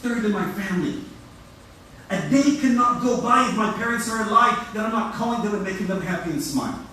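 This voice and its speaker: A man with a high voice preaches quickly, his words tumbling out with energetic repetitions. He is heard from a distance in a mosque hall that rings with echo. There is a faint hum of room noise behind him. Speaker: imam. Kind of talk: sermon. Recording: echoey hall from far off.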